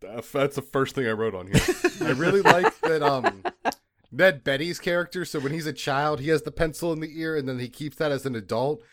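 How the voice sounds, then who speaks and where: A man's voice: on the high side, very animated, a little fast, a bit bright. A man casually retelling a movie's story for a review podcast, laughing often and acting out lines. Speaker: podcast co-host.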